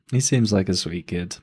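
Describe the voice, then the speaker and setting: Man, live stream reaction, hesitant thoughtful musing, slightly low voice. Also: darkish tone, slightly rough.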